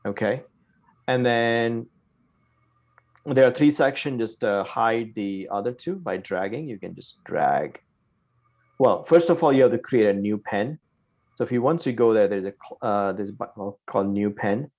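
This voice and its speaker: A man's voice: lowish voice, expressive, normal speed, a little mellow. A man teaching an online programming class, explaining step by step and checking in with "right?" after each point. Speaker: programming instructor. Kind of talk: live online coding lesson.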